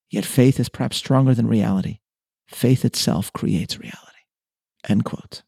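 A man hosting a short reflective talk, reading his script and long quotations in a measured, earnest way. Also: medium pitch, gravelly, dark tone, breathy edge, no echo, studio quality. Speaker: host.

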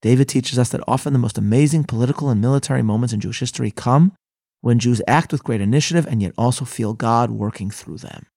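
A man's voice: mid-range voice, quick pace, vocal fry, darkish tone, no room sound, studio quality. A man giving a scripted Bible lesson, reading scripture aloud with earnest, solemn emphasis. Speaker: rabbi teaching a daily Bible lesson.

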